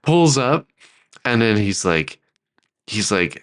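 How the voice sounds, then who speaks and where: A man's voice: lowish voice, sing-song, takes it slowly, long pauses. A man co-hosting a podcast, thinking aloud through a story idea in casual chat and acting out characters' lines. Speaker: podcast co-host.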